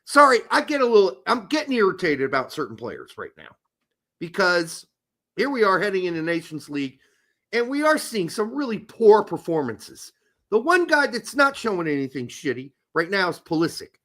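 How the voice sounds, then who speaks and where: Man, sports talk host, high lively voice, bright tone, heated profane rant. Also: normal speed. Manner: animated, profane, ranting. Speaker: podcast host.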